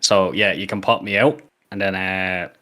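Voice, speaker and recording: A man with a somewhat low voice talks over a voice call in a loose, rambling way. He drops the odd swear word and keeps things relaxed and conversational, like a co-streamer helping with the setup. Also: normal speed. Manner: laid-back, rambling, swears casually. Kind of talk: casual chat.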